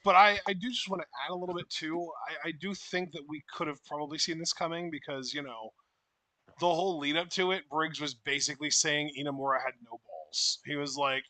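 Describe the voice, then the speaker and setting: A wry man chats about wrestling with deadpan asides, his voice bright and rather high. He sounds close and dry, with no room around him. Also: no room sound, rough recording. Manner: wry, deadpan, quick to back up his co-host. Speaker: wrestling podcast co-host. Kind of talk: casual wrestling chat.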